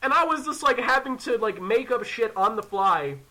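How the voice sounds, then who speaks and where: Young male podcast host: high, sharp voice, profane and animated, acts out the people in his stories. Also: moderate pace. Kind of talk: casual storytelling chat.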